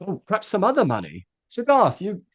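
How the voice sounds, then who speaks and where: A man, a presentation coach giving a live workshop talk, animated and demonstrative, with frequent ums. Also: high voice, brisk, no echo, highs cut off.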